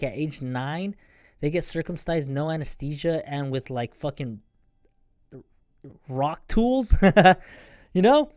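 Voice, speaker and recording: A man's voice: on the high side, darkish tone, smooth, no echo, studio quality. A young man hosting a podcast, telling a personal story in a rambling, profane way and laughing often. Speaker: podcast host. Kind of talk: casual storytelling.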